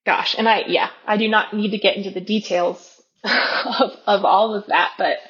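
A woman in her thirties, a podcast guest, telling a personal story candidly and acting out her own inner voice with sudden jumps in pitch. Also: steady tone, moderate pace, a bit bright. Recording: dull lo-fi podcast audio.

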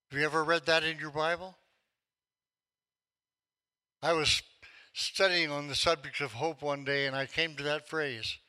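Older male pastor, 70s, storytelling sermon voice, slightly high and very bright. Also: fairly even intonation, moderate pace, poor audio. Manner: storytelling, acts out quotes with rising force.

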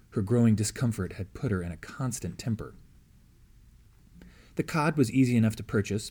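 Low-voiced man reading a novel aloud. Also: darkish tone. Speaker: audiobook reader. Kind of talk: scripted novel narration.

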